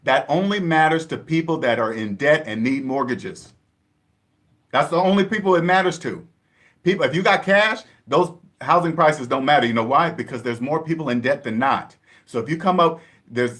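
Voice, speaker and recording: Speaking in a slightly high, fairly bright voice, this Seattle-area man gives a casual vlog monologue on personal finance. His money lecture is emphatic and keeps repeating its points.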